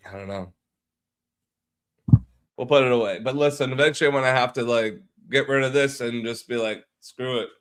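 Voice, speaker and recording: A man's voice: mid-range voice, moderate pace, long pauses, a bit bright, clean tone. Offhand muttering man live-streaming. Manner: muttering to himself, swearing, loose and offhand. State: sounds a bit sick from pollen. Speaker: livestreaming video editor. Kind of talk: casual live-stream chat while working.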